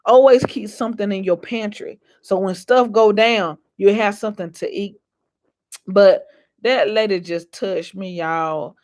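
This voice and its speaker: A woman's voice: mid-range voice, measured pace, darkish tone. A woman vlogger giving a faith-based motivational talk, preachy and repetitive, folksy and calling out to her viewers. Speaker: inspirational vlogger.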